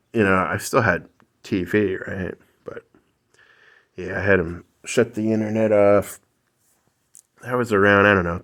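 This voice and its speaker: A man's voice: on the low side, fairly bright tone. A man in his home telling a rambling, profane story in casual rant style, with lots of fillers. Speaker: vlogger. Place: home living room.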